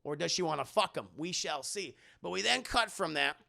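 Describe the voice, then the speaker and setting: A young man reviews a film for his live chat in a loose, rambling way and swears freely. His voice sits a little high and sounds bright and edgy. It has a strong gravelly fry. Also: animated, moderate pace. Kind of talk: casual spoken film review.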